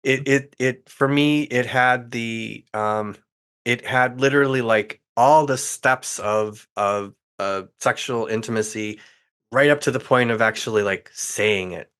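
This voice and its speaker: A man's voice: mid-range voice, a little slow, a bit bright, clean tone. A man guesting on a podcast, chatting casually and thinking aloud candidly. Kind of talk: casual chat.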